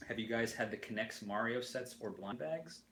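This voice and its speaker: A man's voice: mid-range voice, lively intonation, moderate pace, a bit bright, a little hiss or hum, poor audio. A man hosting a casual chat while building a toy kit, rambling with lots of fillers and restarts. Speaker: host.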